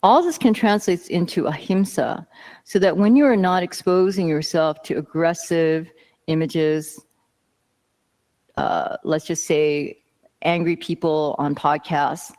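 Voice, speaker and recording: A woman's voice: low-pitched, slow pace, a little mellow. A woman teaching a yoga class, talking casually and telling a story with asides.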